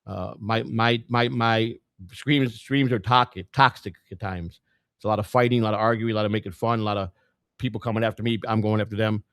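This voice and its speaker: Low-voiced blunt middle-aged man. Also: steady tone, a little fast, fairly bright tone, smooth, no echo. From Chicago. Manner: blunt, plain-spoken, repeats words as he goes. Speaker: presidential candidate and podcaster. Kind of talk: casual storytelling monologue.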